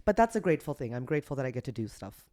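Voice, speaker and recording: Low-voiced woman comic rambling on a podcast, lots of "like", voice swings up and down. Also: big pitch swings, rapid-fire, mellow. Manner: chatty, many "like" fillers, self-deprecating. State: tearful. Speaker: guest comedian. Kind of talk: casual podcast chat.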